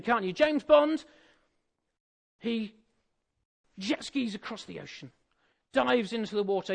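A man's voice: high voice, gravelly, fairly bright tone. A married man preaching an Easter sermon in a conversational, jokey way, often asking the audience questions. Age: adult, married.

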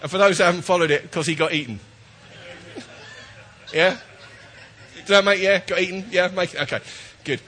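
A man's voice: high-pitched, normal speed, long pauses, pushed and bright. A man preaching a chatty, jokey sermon while he has a cold, often checking in with his listeners.

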